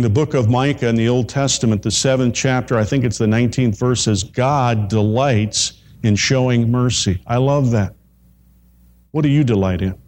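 A pastor preaching a sermon, slowing down and repeating phrases for emphasis. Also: male voice, mid-range voice, darkish tone. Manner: slows down to stress key phrases, repeats lines for effect.

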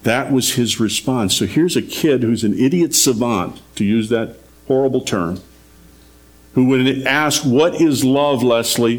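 A man preaching a radio sermon, telling a story earnestly and rising in emphasis on his key points. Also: mid-range voice.

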